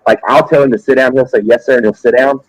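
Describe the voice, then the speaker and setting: Man, teacher type, husky lowish voice, dry close sound, rambling animated anecdotes. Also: quick pace, dry recording, poor audio. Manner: animated anecdotes with frequent repeats. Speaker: substitute science teacher. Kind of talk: casual storytelling on a live stream.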